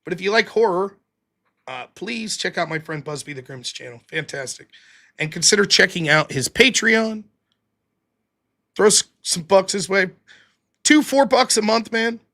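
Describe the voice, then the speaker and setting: A livestream host with a Pittsburgh accent chats in a lively, rambling, profane way. He has a high voice, talks at a moderate pace and pauses often.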